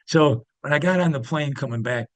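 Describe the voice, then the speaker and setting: A man's voice: medium pitch, a little fast, no echo. A man, an interview guest, telling stories casually, rambling with many fillers and restarts. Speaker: interview guest, former pit trader. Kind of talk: casual storytelling.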